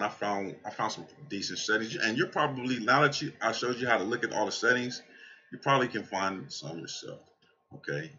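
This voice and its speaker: A man giving casual, excitable trading commentary over a screen share, swearing and talking straight to his viewers, tired from a night without sleep. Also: sits low, dull audio. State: tired from staying up all night. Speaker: crypto trading channel host.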